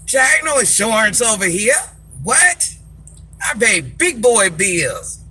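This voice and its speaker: A woman's voice: mid-range voice, very animated, a little slow, sharp tone, husky. An older woman, a social media personality, scolding commenters in a sassy, confrontational live rant, repeating her insults for emphasis.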